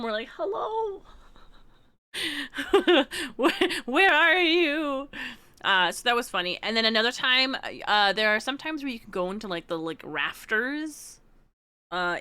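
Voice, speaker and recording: A woman livestreamer telling a story in casual chat with her viewers, excitable and laughing often. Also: mid-range voice, clear, resonant tone. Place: room at home, alone.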